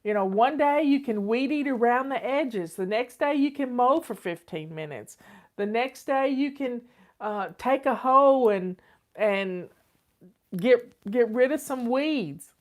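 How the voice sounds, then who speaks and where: An older woman answers viewer questions in a folksy, chatty way. Her voice sits fairly high. She often says things twice for emphasis. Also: expressive, measured pace. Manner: chatty, folksy, repeats herself. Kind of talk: casual advice chat.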